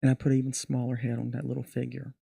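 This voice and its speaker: Gravelly middle-aged guy, darkish voice, acting out his magic show story, dry sound. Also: medium pitch, completely flat delivery, very fast, mellow, no room sound. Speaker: magician guest. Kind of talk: casual podcast interview.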